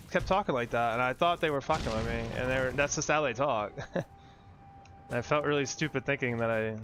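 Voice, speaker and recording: A man's voice: mid-range voice, a bit bright, slight background noise. A young man streaming a game, chatting casually and rambling with lots of fillers, laughs and casual swearing. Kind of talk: casual gameplay commentary.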